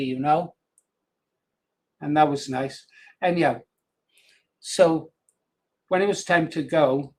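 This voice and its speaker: An older man hosts a radio show in a loose, wandering chat and chuckles often between his thoughts. His voice sits a little higher than most men's. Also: darkish tone. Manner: rambling, anecdotal, chuckling. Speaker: radio presenter.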